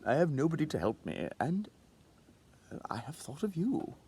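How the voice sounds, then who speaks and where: A man's voice: fairly high pitch, sing-song, normal speed, warm tone, breathy edge, pitched above the performer's own voice, full character voice. A man voicing an anxious, eager old male clerk who once served as a soldier, pleading and stammering in a raised voice.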